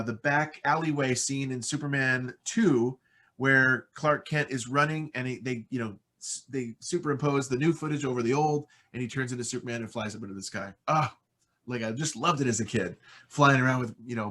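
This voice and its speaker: A man's voice: mid-range voice, moderate pace, pushed and bright. An American man talking casually and enthusiastically in an interview about his voice-over work, rambling with fillers. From United States. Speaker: voice-over artist guest.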